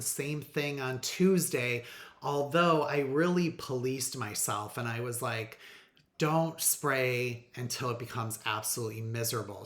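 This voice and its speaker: Guy vlogging about his week, mid-pitch voice, roomy echoey sound, kinda earnest. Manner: animated, earnest storytelling with fillers. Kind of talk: casual personal vlog. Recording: roomy echo.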